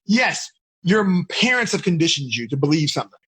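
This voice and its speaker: A man coaching teenagers in a live online seminar, energetic and full of rhetorical questions, on a computer mic. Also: fairly high pitch, fairly quick, husky. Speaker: life coach.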